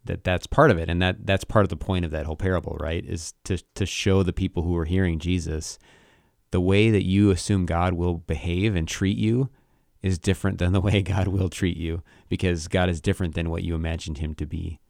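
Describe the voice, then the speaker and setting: Low gravelly man, thoughtful podcast talk. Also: steady tone, darkish tone, dry recording, clean studio sound. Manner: thoughtful, halting, with restarts. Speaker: podcast co-host. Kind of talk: casual Bible discussion.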